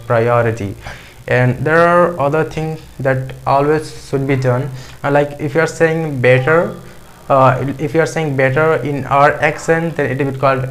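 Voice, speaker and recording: A man's voice: medium pitch, low-quality recording. A man giving casual spoken advice to learners, earnest and loosely strung together, repeating himself as he goes. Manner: earnest, loose and repetitive, piling up clauses. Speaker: English teacher on a video channel.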